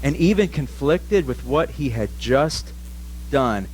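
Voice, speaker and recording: A man's voice: mid-range voice, expressive, slow, darkish tone, a little hiss or hum. A male pastor preaching a sermon, telling a story with animation and questions for the congregation.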